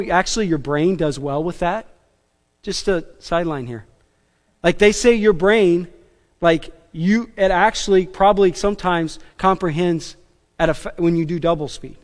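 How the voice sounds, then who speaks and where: High-voiced, emphatic male pastor in a reverberant hall. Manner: animated, emphatic, with asides and self-deprecating jokes. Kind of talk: sermon. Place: church sanctuary.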